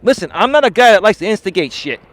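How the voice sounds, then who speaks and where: A man's voice: high-pitched, big pitch swings, quick pace, no room sound. A male dating and life coach ranting on a live stream, confrontational and repeatedly calling his opponent bro and sir.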